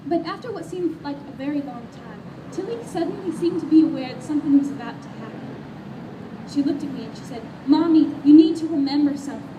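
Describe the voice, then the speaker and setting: A woman's voice: high-pitched, expressive, quick pace. A woman reading a story aloud in an earnest, emotional way at a live event. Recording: echoey, distant, noisy live rally.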